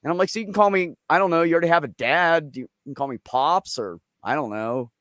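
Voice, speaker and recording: A man's voice: fairly high pitch, quick pace, a bit bright, dry recording, clean studio sound. A middle-aged man hosting a casual live chat, telling stories bluntly and with lots of swearing and joking. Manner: blunt, profane, joking storyteller. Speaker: livestream host.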